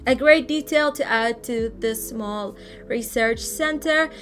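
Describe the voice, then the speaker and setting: Over faint background music, a woman gives a casual, chatty voice-over tour of a game build, now and then searching for words and laughing lightly. Her voice is a little high and fairly bright, and she speaks at a slow pace.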